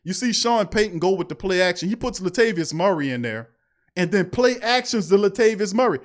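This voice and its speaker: A man's voice: high-pitched, animated, a little fast. A man hosting a live-streamed sports talk show, reading chat messages and ranting in an emphatic, slangy way.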